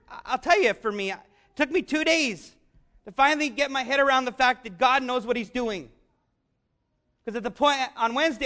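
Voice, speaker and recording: A man preaching a sermon, earnest and conversational, rising to shouts on key lines. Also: very high voice. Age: adult, father of young children. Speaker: pastor.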